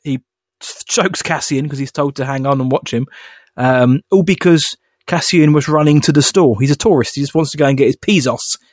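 His voice is a little high and a little fast, recorded dry with clean studio sound. He's a podcast co-host in casual chat mode, rambling and dropping fillers and laughs as he goes.

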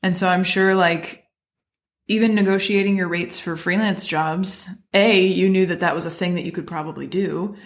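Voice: medium pitch, steady tone, normal speed. A podcast host in casual chat, often laughing and giving brief agreement. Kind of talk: casual conversation.

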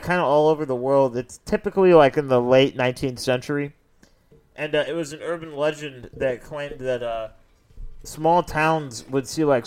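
A man's voice: fairly high pitch, clean tone. A young man co-hosting a casual podcast chat, telling rambling, profane stories. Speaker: podcast co-host.

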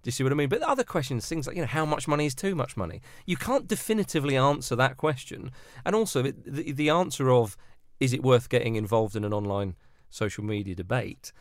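A fast-talking man on a podcast, chatty and jokey, his voice ranging widely as he rambles. The sound is dry and close. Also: mid-range voice, expressive, dry recording. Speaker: podcast guest and host. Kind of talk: casual chat.

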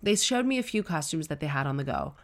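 A woman's voice: sits low, very animated, quick pace. A woman in her thirties telling a chatty, self-deprecating personal story full of comic digressions. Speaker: celebrity storyteller.

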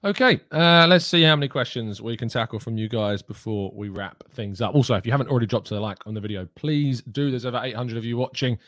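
A man's voice: mid-range voice, fast, few pauses, fairly bright tone, no echo. A man hosting a daily live football news show, chatty and opinionated as he reads out viewer questions. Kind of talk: live-streamed football chat.

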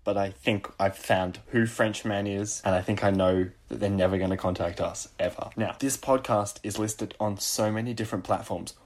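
A man's voice: on the low side, fairly even intonation, normal speed, hardly any pauses. An Australian man in his late teens, co-hosting a podcast in playful, jokey casual chat. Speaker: podcast co-host.

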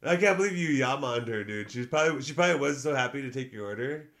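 A man hosting a casual podcast chat, reacting with animated jokes and retelling bits. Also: mid-range voice, fast talker, gravelly.

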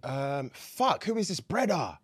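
A young man, co-hosting a podcast in casual chat, animated and swearing often, repeating words when stuck. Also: fairly high pitch, a little slow, slightly rough. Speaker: podcast co-host.

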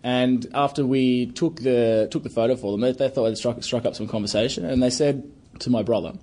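Husky Australian man spinning a mock-outraged yarn. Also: medium pitch, fairly even intonation, darkish tone. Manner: speaks of himself in third person, halting restarts, mock outrage. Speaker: podcast co-host. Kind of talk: casual chat, storytelling.

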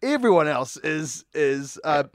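Higher-voiced man in a dry room. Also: sing-song, unhurried, no room sound. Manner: laughs often while joking. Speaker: podcast co-host. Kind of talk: casual movie chat.

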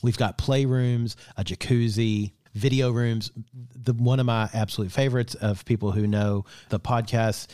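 A man co-hosting a podcast in casual chat, animated and joking, with frequent restarts. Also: medium pitch, moderate pace, no room sound, studio quality. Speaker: podcast co-host.

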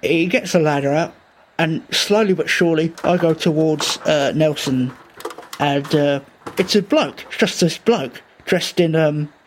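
A man telling an improvised comic tall tale, rambling with stumbling restarts and deadpan swearing. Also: fairly high pitch, a little slow, slight background noise.

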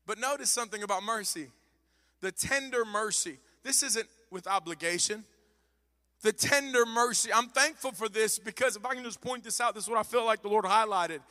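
A man in his thirties preaching a sermon as pastor, moving from hushed passages to shouted ones and acting out the voices he quotes. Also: high-pitched, fast, hardly any pauses, big-room sound.

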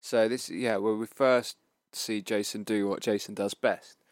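A man's voice: lowish voice, steady tone, unhurried, no echo. A man co-hosting a casual film review podcast, making dry, matter-of-fact remarks. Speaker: podcast co-host.

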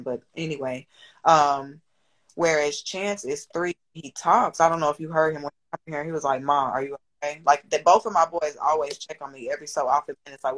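A woman's voice: low voice, rough recording. Candid, swearing woman in her thirties. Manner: candid, rambling, swears freely, emotional. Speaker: guest, business owner and single mother. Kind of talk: candid podcast conversation.

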